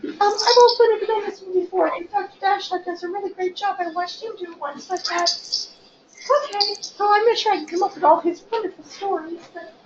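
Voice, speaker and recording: A woman in her sixties with a hoarse voice from coughing, leading a small-group class discussion as facilitator and department chair. She talks in a chatty, self-deprecating way and keeps asking the group questions. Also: very high voice, a little fast, far from the mic. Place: classroom or meeting room. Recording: echoey lo-fi room recording with background noise.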